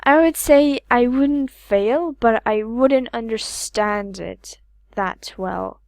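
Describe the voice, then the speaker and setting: A young student from Slovakia whose first language is Slovak, answering interview questions with short, plain replies. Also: female voice, on the high side, takes it slowly, dry recording. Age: teens. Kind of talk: casual interview.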